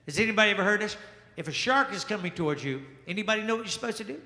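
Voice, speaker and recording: Lively stand-up comedian in an echoey lounge. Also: male voice, sits high. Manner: animated, crowd-work banter with quick asides. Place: small jazz lounge, live audience. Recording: echoey room with long reverb.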